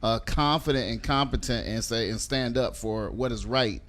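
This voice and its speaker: A man's voice: medium pitch, normal speed, fairly bright tone. A man co-hosting a casual talk show, laid-back, joking and at times sarcastic. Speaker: co-host. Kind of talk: casual chat.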